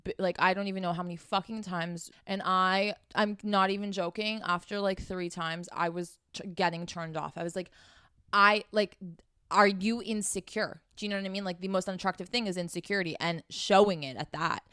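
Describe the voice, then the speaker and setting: A woman's voice: lowish voice, fairly even intonation, brisk, pushed and bright, clean tone, no room sound, clean studio sound. Frank, profane woman giving dating advice. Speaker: dating and sex coach. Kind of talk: casual advice vlog.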